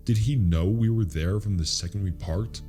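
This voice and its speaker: A man reading a scary true story as a narrator, in a slow, hushed, suspenseful delivery. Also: on the low side, soft background music. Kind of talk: scripted horror story narration.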